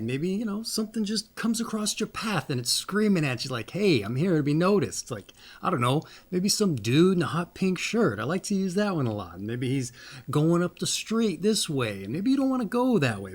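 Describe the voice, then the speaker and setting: A man hosting a birthday reading show in a casual, rambling, folksy way. He makes playful asides and keeps coming back to a catchphrase as he reads from a book. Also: fairly high pitch. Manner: rambling, folksy, often says "that's right". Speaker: host of a birthday reading channel.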